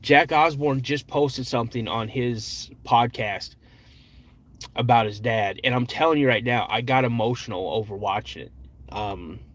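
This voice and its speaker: A man's voice: medium pitch, unhurried, a bit bright. A middle-aged man hosting a casual podcast. He tells personal stories in a rambling way, with lots of restarts and filler words. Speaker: podcast host. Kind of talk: casual live chat and personal storytelling.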